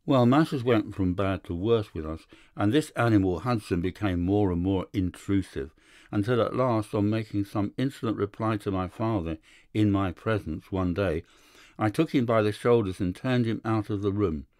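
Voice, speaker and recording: Male audiobook narrator, measured storyteller, lowish voice, dry close recording. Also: darkish tone, dry recording. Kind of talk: scripted narration.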